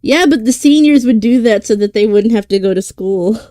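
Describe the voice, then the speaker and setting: A young woman streamer chatting casually with drawn-out, slangy remarks. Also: fairly high pitch, mellow, no room sound, clean studio sound.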